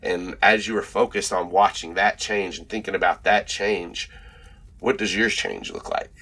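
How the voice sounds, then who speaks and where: A man narrating a tabletop horror game as game master, describing a transformation slowly with many fillers and pauses. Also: low-pitched, lively intonation, pushed and bright.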